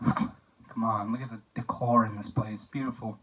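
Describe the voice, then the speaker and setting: A man's voice: on the low side, level tone, normal speed, distant mic, low-quality recording. A young man giving a casual, joking best-man toast for a class assignment, telling anecdotes with plenty of fillers.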